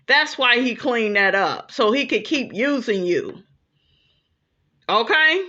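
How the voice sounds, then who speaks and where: Blunt cussing woman on her channel, kinda high voice, keeps saying okay, muffled lo-fi sound. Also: expressive, a little slow, pushed and bright. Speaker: reality TV commentator. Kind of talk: casual commentary. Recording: dull lo-fi recording.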